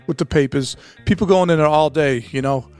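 A man's voice: on the high side, brisk, darkish tone, clear, resonant tone, faint music behind. Reminiscing man. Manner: reminiscing, laughing along, profane. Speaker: podcast co-host. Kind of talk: casual chat.

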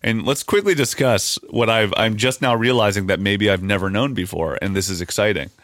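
A man hosting a casual podcast chat, animated and swearing, tossing out quick asides. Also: lowish voice, dry recording. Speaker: podcast host.

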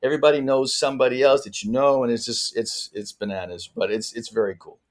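A man in the middle of a relaxed podcast interview, spinning long anecdotes about his career. His voice sits at an ordinary pitch, and his stories wander, with plenty of "you know" and "uh" along the way. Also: fast talker. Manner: chatty, rambling anecdotes with frequent fillers. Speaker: actor guest. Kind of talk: casual interview storytelling.

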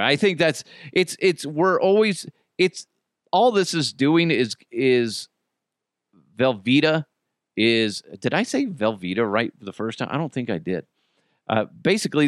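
A man's voice: mid-range voice, very animated, unhurried, no room sound, clean studio sound. A man hosting a comedy podcast, talking in a crude, joking, rambling way. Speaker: podcast host.

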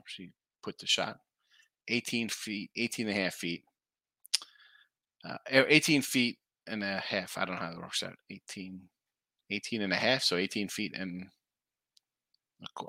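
A man's voice: low voice, creaky, pushed and bright, no room sound. A middle-aged man hosting a casual live sports betting stream, rambling through picks, stumbling over his words and reading viewer comments aloud. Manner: rambling, self-interrupting, reads chat comments aloud. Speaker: sports betting show host.

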